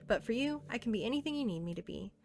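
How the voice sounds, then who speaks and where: A woman reading aloud as a self-aware teenage game girl, earnest and intimate, softly pleading. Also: a little high, lively intonation, quick pace, slight background noise. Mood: tender.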